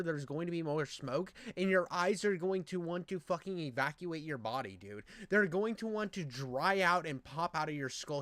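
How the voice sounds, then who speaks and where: A man with a high voice riffs on a video he is watching, mocking and profane. His voice sits on a dry, close mic with no room sound. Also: a bit bright, no echo. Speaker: stream host reacting to a video. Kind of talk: crude reaction commentary.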